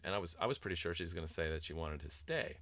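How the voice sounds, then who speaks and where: A man's voice: deep voice, animated, racing, a bit bright. A middle-aged man, a parent and author, talking casually and at length about raising children, with frequent ums and restarts. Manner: rambling, many ums and restarts, mimics sing-song voices in quotes. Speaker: author discussing his book on parenting. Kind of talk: casual reflective talk.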